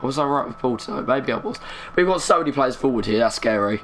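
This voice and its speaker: A man's voice: medium pitch, fast talker, a little hiss or hum. Young man muttering game commentary. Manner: chatty, muttering, bursts of excitement at big moments. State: keeping his voice down. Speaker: gaming streamer. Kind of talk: live gameplay commentary.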